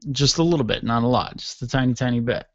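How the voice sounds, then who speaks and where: A man's voice: medium pitch, fast, dry recording. A tired man hosting a radio show, telling a rambling, self-mocking story in a casual monologue. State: tired, yawning. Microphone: studio microphone. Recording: dull lo-fi dry sound.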